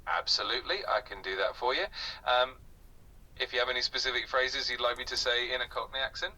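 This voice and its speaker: A man's voice acting as an AI conversation partner, giving upbeat, smooth, friendly explanations in a casual tutoring style. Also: mid-range voice, fairly even intonation, fairly quick, pushed and bright, distant mic, low-quality recording.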